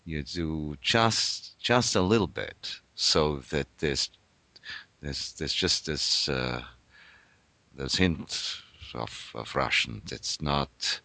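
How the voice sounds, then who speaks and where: Deep, slow-spoken older voice actor. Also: male voice, vocal fry, pushed and bright, no room sound. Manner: thoughtful, explanatory. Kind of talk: reflective interview talk.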